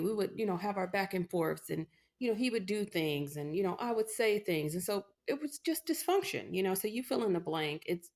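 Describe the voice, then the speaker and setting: Low-voiced woman sharing a personal testimony. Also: a little mellow. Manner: frequent "you know" fillers, earnest and emotional. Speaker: testimony speaker. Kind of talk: personal testimony, casual storytelling.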